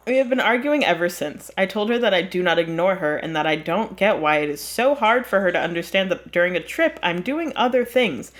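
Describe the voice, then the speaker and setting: A woman's voice: on the low side, lively intonation, normal speed. A woman hosting an advice podcast who reads a story aloud in a casual, chatty way and often breaks into laughter. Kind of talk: casual chat.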